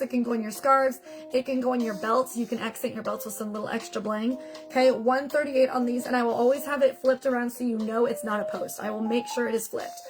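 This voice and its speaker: A woman's voice: fairly high pitch, slight background noise, rough recording. A woman from the United States, hosting a live jewelry sale in an upbeat, chatty way and often repeating item numbers. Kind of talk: casual live-stream selling chat. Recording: music playing behind.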